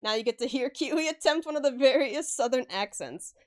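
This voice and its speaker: Smooth-voiced woman chatting on stream. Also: high-pitched, expressive, a little fast, darkish tone. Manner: chatty, swears casually, laughs often, answers chat. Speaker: live-stream artist. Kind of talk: casual stream chat while drawing.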